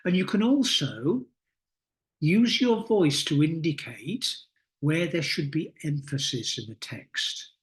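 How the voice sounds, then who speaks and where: A middle-aged man gives a coaching session for teachers. His voice sits a little higher than most men's, and he talks slowly and deliberately. He pauses often between phrases as he explains each step. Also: lively intonation. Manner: slow, deliberate, instructive delivery with pauses. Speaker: teacher trainer. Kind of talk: recorded coaching lesson.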